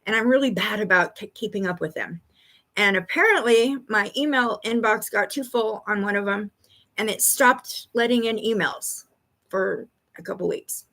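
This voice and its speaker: Bubbly high-voiced woman chatting live. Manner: bubbly, excited, greeting viewers by name; chatty storytelling with laughs. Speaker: psychic reader hosting a live stream. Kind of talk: casual live-stream chat.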